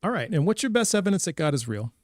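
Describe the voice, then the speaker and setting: Male stream host, emphatic and chatty, higher-pitched, dry mic. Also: quick pace, no room sound. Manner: animated, emphatic, repeats words. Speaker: livestream debate host. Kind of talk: casual chat.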